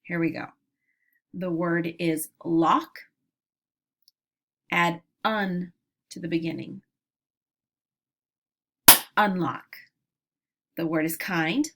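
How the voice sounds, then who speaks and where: A woman teacher leading a phonics lesson for young children, modeling each word slowly and deliberately. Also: fairly low pitch, fairly bright tone, a little hiss or hum.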